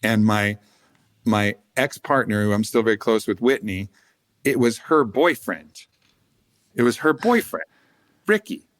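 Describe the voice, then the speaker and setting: A man with a low voice tells a rambling, casual story as a podcast guest. He drifts through fillers and restarts, drops swear words freely, and chuckles between thoughts. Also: lively intonation, a little slow, long pauses. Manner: rambling, swearing, laughing asides.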